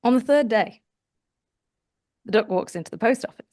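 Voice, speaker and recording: A woman co-hosts a podcast and tells jokes with an animated storytelling delivery. Her pitch rises and falls a lot. The sound is close and dry on a podcast mic. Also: normal speed, dry recording. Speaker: podcast co-host. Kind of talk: casual chat, telling jokes.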